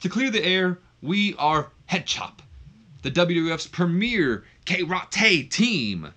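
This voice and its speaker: A man putting on a brash, cocky wrestler voice, delivering loud, boastful trash talk. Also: sits high, very animated, slow pace, voice pushed up, heavily acted.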